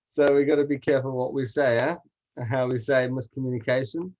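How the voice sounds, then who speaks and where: Male rabbi, emphatic lecturer, mid-pitched voice, video-call lesson. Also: steady tone, brisk, darkish tone, highs cut off. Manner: earnest, emphatic, with Hebrew terms. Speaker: rabbi teaching a weekly class. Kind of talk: Torah class lecture.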